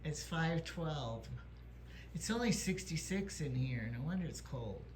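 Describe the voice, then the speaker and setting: A woman chatting in her home kitchen, curious and gently bossy, asking many questions. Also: low voice, lively intonation, unhurried, a little hiss or hum. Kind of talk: casual kitchen chat.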